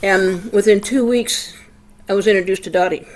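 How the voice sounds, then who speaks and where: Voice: medium pitch, steady tone, moderate pace, low-quality recording. An older audience member casually sharing a personal story in a rambling way, trailing off with fillers. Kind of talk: casual testimony.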